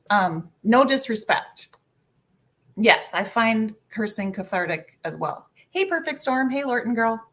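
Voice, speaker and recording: A woman hosting a casual livestream, greeting viewers by name and swearing offhandedly. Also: fairly high pitch. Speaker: livestream host. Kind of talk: casual live chat.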